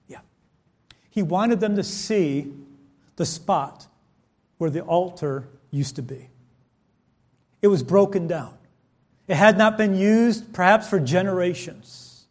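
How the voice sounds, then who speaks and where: A man preaching a sermon, reading scripture aloud and swinging from loud, emphatic lines to hushed ones. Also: high-pitched. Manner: reads scripture aloud in King James wording.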